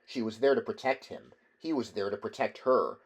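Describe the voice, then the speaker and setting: A man reading a novel chapter aloud as audiobook narration, slow, hushed and intense. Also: fairly low pitch, slightly rough. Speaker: audiobook reader.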